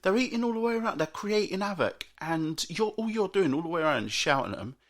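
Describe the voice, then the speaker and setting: A man's voice: high-pitched, expressive, fast talker. A man hosting a solo podcast, grumbling in an exasperated, sarcastic way. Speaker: podcast host. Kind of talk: ranting solo podcast monologue.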